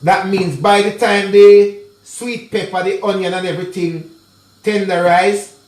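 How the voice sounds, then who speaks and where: Jamaican man, home cooking vlog; high voice, chatty patois, roomy kitchen sound. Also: steady tone, measured pace. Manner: chatty patois mixed with English, addresses viewers directly. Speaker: cooking vlogger. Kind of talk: casual cooking tutorial.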